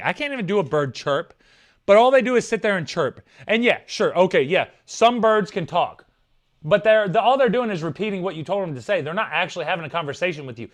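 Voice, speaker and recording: Young man, high voice, crisp bright tone, profane live-stream rant, reads chat aloud.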